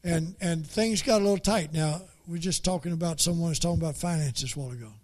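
A man preaching a folksy story, halting and repeating words as he goes. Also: fairly high pitch, a little mellow. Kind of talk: storytelling sermon.

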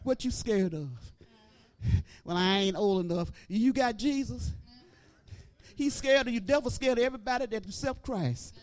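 A middle-aged woman preacher giving an animated testimony, breaking into praise and shouting at the peaks. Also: on the high side, moderate pace. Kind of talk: testimony sermon.

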